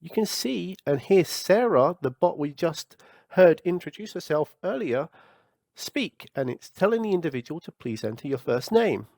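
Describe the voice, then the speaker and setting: Man walking through a software tutorial. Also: on the high side, lively intonation, moderate pace, creaky, no room sound. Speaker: tech tutorial host.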